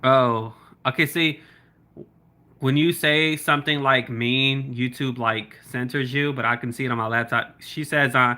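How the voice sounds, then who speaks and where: A man's voice: mid-range voice, steady tone, moderate pace, pushed and bright. A man from South Florida with a Southern accent, rambling casually on a livestream as he answers viewer comments. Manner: rambling, chatty, laughing asides, lots of likes and ums. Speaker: YouTuber.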